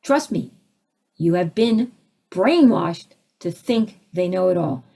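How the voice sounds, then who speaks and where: A middle-aged woman, a spiritual teacher and counselor, giving an animated talk full of rhetorical questions. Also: fairly low pitch, takes it slowly, gravelly. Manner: animated, acts out quoted voices, rhetorical questions.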